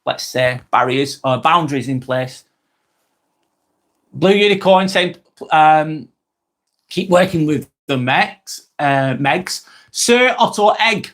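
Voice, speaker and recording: A broad, strong man in his thirties reads viewer comments on a casual live stream, speaking slowly with long pauses. His voice is a bit bright and slightly higher than most men's, with lively intonation. He's blunt and chatty, swearing freely and repeating phrases.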